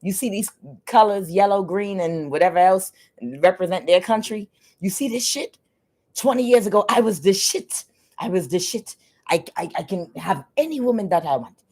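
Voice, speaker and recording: A woman putting on a swaggering former athlete man, bragging loudly and mockingly. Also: rumbling low, a little slow, husky, heavily acted. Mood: boastful. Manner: loud, mocking, exaggerated bragging.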